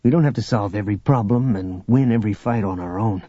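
A man's voice: on the low side, fast, warm tone, breathy edge, no room sound. A man reading an audiobook, voicing a blunt, protective male smuggler in a matter-of-fact tone. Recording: dull lo-fi audiobook recording.

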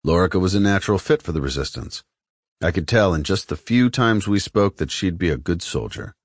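A man's voice: low voice, expressive, a little fast, no room sound, studio quality. A man voicing a stern male resistance officer who speaks in clipped orders, in an audiobook.

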